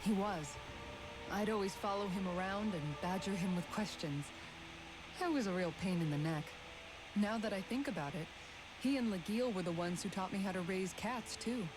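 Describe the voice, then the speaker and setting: An actress voicing a kind, capable woman in a video game, speaking gently and earnestly. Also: mid-range voice, normal speed, lightly acted, low-quality recording. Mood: fond. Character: kind capable woman who cooks and mends weapons. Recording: game audio with background music.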